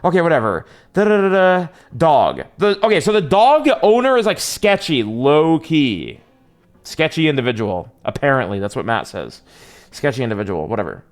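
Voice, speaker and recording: Animated young man streamer, rambling. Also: mid-range voice, normal speed. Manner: rambling, profane, slangy, lots of filler. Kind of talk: casual storytelling on a live stream.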